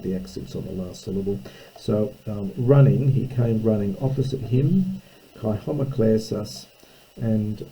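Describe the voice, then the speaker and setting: A man teaching a slow, unscripted lesson, reading a text line by line and explaining its grammar, thinking aloud with frequent ums and self-corrections. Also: on the low side, dark tone, rough recording.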